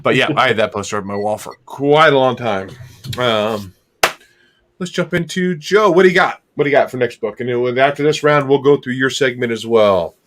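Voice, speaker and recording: Relaxed guy running a comic chat show, mid voice, keeps things moving. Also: medium pitch, normal speed, slight background noise. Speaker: podcast host. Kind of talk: casual chat.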